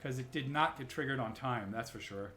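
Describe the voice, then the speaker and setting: A man's voice: mid-range voice, fairly quick, sharp tone. A man streaming a platform game live, rambling and musing aloud, often breaking off mid-sentence and asking "right?". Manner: rambling, self-interrupting, says "right?" often. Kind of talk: casual live-stream commentary. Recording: roomy echo, faint music.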